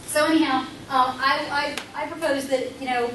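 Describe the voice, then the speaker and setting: A woman's voice: high-pitched, fairly even intonation, normal speed, a bit bright. A middle-aged woman giving a conversational teaching seminar, emphatic and full of rhetorical questions to her audience. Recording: roomy, distant mic, faint background hum.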